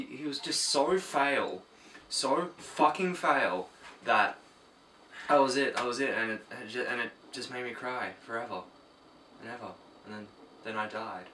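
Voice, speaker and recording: A man's voice: mid-range voice, normal speed, sharp tone, roomy sound, a little hiss or hum, close to an everyday voice. A young man playing an oblivious young man who rambles on in a one-sided chat, muttered and self-absorbed. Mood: rambling. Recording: distant from the mic.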